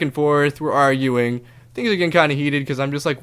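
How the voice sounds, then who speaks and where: A man hosting his own show, telling a story in a casual, animated monologue, swearing freely and acting out other people's lines in raised voices. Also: fairly high pitch, a little fast, clear, resonant tone. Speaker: podcast host.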